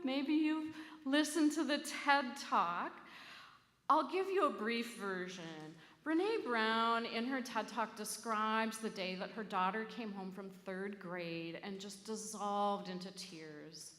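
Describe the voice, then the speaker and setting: A woman minister delivering a sermon, telling a story slowly with dramatic emphasis. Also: mid-range voice, a bit bright. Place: church sanctuary. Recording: echoey sanctuary with long reverb.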